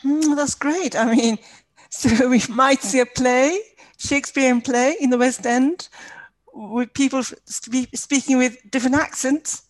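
A woman interviewer asking questions in a hesitant, inquisitive way, pausing on fillers. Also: high-pitched, dry recording, low-quality recording. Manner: hesitant, inquisitive, laughs lightly.

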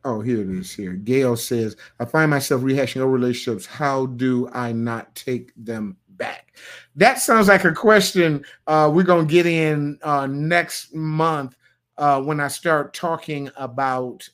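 Pastor guy talking aave, loose and folksy, reading viewer comments, gets loud sometimes, mid pitch. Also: unhurried. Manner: loose, folksy, playful, with sudden loud bursts. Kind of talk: livestream sermon talk reading viewer comments.

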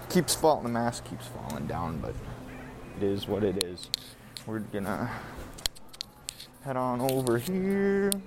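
A man's voice: mid-range voice, noisy background. A man hosting his own podcast as a casual, rambling vlog, cursing and complaining while driving and shopping. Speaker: podcast host. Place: car and store, on the go.

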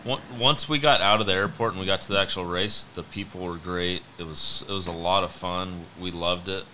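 A man's voice: low-pitched, fairly even intonation, fairly quick, pushed and bright, slight background noise, poor audio. A man guest telling stories in a casual chat, blunt and matter-of-fact. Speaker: racing guest.

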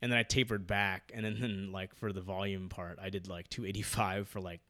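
A man chatting casually about his training, rambling with lots of fillers and getting loud when excited. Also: low-pitched, a little fast, no echo, clean studio sound. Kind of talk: casual podcast chat.

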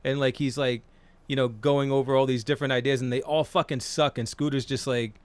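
A man in his forties chatting on a podcast in a rambling, profane way, full of fillers. His voice sits at an ordinary middle pitch. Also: fairly even intonation, brisk, clean tone, no echo. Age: 40s. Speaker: podcast co-host. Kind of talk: casual chat.

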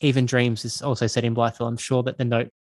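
An Australian filmmaker talking in a rambling, self-correcting way as a guest in a casual podcast interview. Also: male voice, mid-range voice, level tone, quick pace, dry recording.

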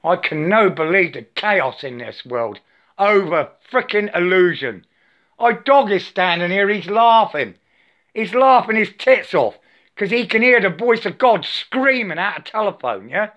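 A man's voice: high voice, expressive, unhurried, pushed and bright. An older man delivering an angry, profane, preachy monologue to the camera, repeating himself and saying "I" for "my". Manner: profane, repetitive, preachy, says "I" for "my". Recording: dull lo-fi sound.

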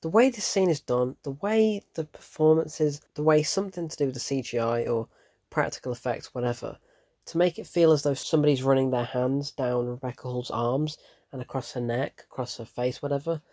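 A man giving a casual, animated spoken review of a horror film, openly frightened and often breaking off mid-thought. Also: medium pitch, a little fast.

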